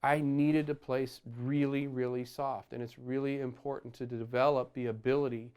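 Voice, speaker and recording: A man teaching a drum lesson, explaining dynamics in a relaxed way and sometimes scatting phrases, with drums playing behind him. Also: mid-range voice, moderate pace, clear, resonant tone. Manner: explains while playing, counts beats aloud loudly over drums; scats horn phrases to show accents. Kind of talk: instructional lesson. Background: drum kit playing.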